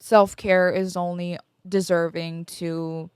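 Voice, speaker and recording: 20s woman podcast host, slow rambly heartfelt chat, dry close sound. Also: fairly low pitch, flat delivery, clean tone, no room sound. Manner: slow, emotional, rambling with fillers. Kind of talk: candid personal chat.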